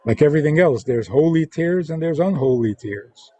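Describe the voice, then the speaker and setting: A man who is a religious teacher, answering interview questions in a deliberate way and acting out quoted lines in different tones. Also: a little high, lively intonation, warm tone, soft background music. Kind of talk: interview guest explaining teachings.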